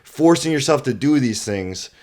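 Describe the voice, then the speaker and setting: A young man co-hosting a podcast, talking excitedly in casual chat, swearing often and acting out what people said. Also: mid-range voice, moderate pace. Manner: excited, swears a lot, acts out quotes. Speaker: podcast co-host.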